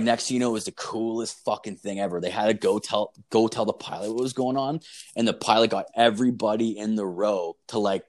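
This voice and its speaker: Young man, podcast host, casual storytelling, fairly low voice, profane, rambling. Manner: rambling, heavy swearing, lots of "like" and "dude".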